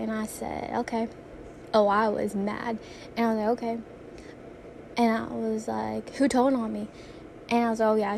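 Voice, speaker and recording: A woman's voice: a little high, creaky, a little mellow, a little hiss or hum. A young woman vlogging casually, rambling through funny stories and laughing often as she talks. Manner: giggly, rambling, laughs often mid-story. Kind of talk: casual storytelling vlog.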